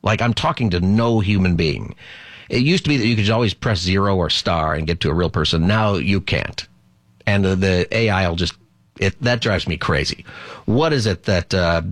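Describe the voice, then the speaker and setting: Animated, chatty male radio host. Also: low voice, no echo. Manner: chatty, animated, laughs easily. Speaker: radio talk show host, pastor. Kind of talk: call-in radio talk.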